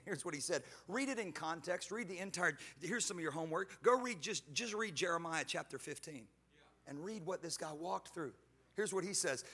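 Guy preaching in church, pretty high bright voice, jokes around a lot, casual slang. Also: animated, a little fast. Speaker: guest pastor. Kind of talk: sermon. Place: church sanctuary.

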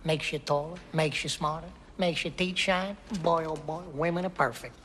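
A man's voice: a little high, steady tone, moderate pace, fairly bright tone, natural voice. An actor playing a scruffy older homeless man who rambles sentimentally in a folksy, sing-song way, heard as a film clip. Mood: musing. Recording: film clip with background noise.

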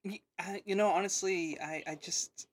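A man's voice: high voice, fairly even intonation, moderate pace. Rambling man hosting a chat podcast. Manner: rambling, lots of ums and you knows. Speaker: podcast co-host. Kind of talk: casual chat.

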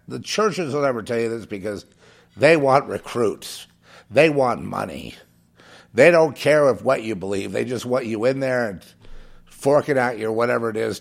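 A man's voice: medium pitch, creaky. A man preaching on air in a fervent, scornful monologue, hammering points home by repeating phrases. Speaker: radio preacher.

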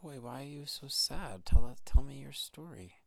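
A man doing a gentle old peasant protector. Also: mid-range voice, moderate pace, creaky, no echo, pitched above the performer's own voice, close to an everyday voice. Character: kindly old male protector in disguise.

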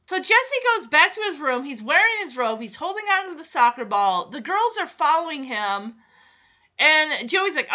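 A woman's voice: high-pitched, very animated, moderate pace, bright, forceful tone, highs cut off. A woman recapping a TV episode with sarcastic, exasperated commentary.

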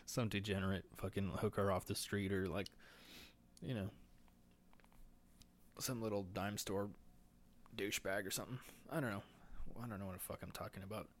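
A man's voice: deep voice, slight background noise. A young man hosting a solo podcast, rambling crude and profane, nervous and a bit short of breath, laughing at his own jokes. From United States. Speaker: podcast host. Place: indoors, talking alone into a mic.

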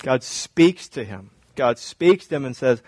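A male pastor preaching a sermon, telling stories animatedly and acting out dialogue, then slowing to quiet emphatic lines. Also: medium pitch, expressive, husky, no room sound, low-quality recording. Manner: drops to slow, quiet emphasis.

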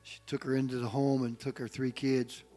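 A male pastor preaching a sermon, telling family stories in an animated way and acting out the people in them. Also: mid-range voice, brisk, faint music behind. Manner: animated storytelling, acts out quotes.

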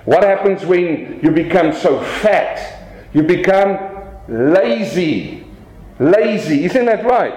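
Animated preacher man in an echoey room. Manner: animated preaching with dramatic pitch swings and slow emphatic phrases. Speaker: pastor. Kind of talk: sermon.

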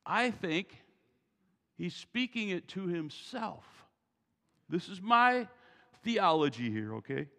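High, gravelly-voiced animated pastor. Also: male voice, takes it slowly, long pauses. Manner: animated, folksy, joking asides. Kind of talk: sermon. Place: church sanctuary. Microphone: wearing a mic. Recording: reverberant church hall.

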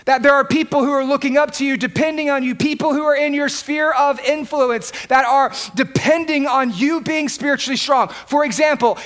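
A middle-aged pastor preaches in a very high voice, driving his points home through repetition. He builds to shouted peaks and leans hard on every phrase. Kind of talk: sermon.

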